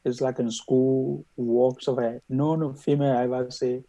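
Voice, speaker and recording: A man with a noticeable foreign accent in a casual coaching chat, talking haltingly with many repeats, restarts and loose phrasing. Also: medium pitch, flat delivery, warm tone, no room sound, muffled recording. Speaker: interview coaching client.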